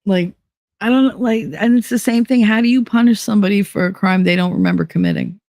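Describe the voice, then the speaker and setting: Stream host, lively swinging pitch, dry close sound, sarcastic chat. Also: brisk, dry recording. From United Kingdom. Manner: animated, chatty, sarcastic asides. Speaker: livestream podcast host. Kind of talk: casual chat reading live comments.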